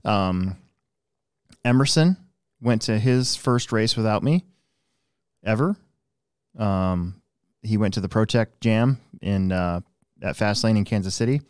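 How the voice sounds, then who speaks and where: A man with a lowish voice hosts a laid-back podcast chat. He rambles through his points with lots of ums and restarts. The sound is dry and close, with no room around it. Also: slow, long pauses, clear, resonant tone, no room sound. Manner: rambling, with many fillers and restarts. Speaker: podcast host, hobby shop manager and race director.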